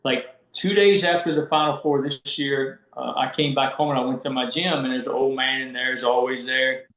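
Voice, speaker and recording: A medium-pitched man speaking at a normal pace tells casual podcast stories about refereeing college basketball, acting out the voices he quotes in animated fashion. He's from Southwest Virginia, and the recording is roomy and muffled.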